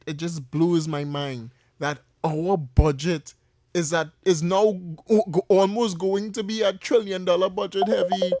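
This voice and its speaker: A man with a Trinidadian accent hosting talk radio, passionate and quick to laugh. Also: high voice, a little mellow, no echo. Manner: laughs often, passionate, addresses co-host as "boy" and "heavy". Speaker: radio talk show host. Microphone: studio mic.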